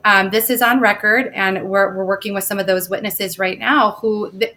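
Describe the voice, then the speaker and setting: A woman speaking as a guest on a talk show, talking emphatically and getting loud at times. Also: mid-range voice. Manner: emphatic, gets loud when retelling confrontations. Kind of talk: casual chat.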